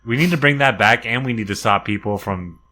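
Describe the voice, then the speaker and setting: A man's voice: on the low side, fairly quick, sharp tone. A man in a casual podcast chat, talking in a laid-back way.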